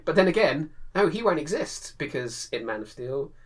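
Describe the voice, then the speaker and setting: A man, a podcast co-host, talking in a casual, animated way, laughing often and acting out lines. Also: on the high side, normal speed, a crowd in the background. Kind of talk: casual chat.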